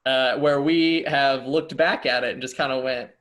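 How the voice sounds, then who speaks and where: A man's voice: medium pitch, fairly even intonation, normal speed, fairly bright tone. A man interviewing a friend, chatting casually with frequent fillers.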